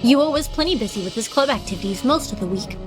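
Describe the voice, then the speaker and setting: A woman streamer reading a visual novel aloud with expressive, dramatic delivery and casual asides. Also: a little high, quick pace. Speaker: game streamer. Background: game background music.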